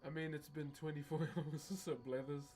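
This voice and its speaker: A man's voice: a little high, level tone, normal speed, a little mellow, faint music behind. Cheeky New Zealand man streaming live. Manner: cheeky, laughs often, chats with viewers. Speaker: live-streaming wood carver. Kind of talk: casual live-stream chat.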